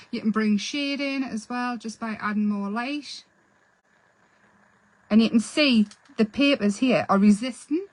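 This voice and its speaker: Casting: woman, craft host, chatty rambling teacher, slightly high voice. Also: low-quality recording. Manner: chatty, self-deprecating, rambling explanations. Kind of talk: casual painting tutorial.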